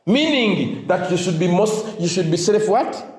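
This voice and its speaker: Animated man preaching with call-and-response. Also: high-pitched, measured pace. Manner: call-and-response, asks "what?" for the crowd to fill in; mixes in Luganda phrases. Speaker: motivational speaker. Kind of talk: motivational talk to teachers. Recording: echoey room.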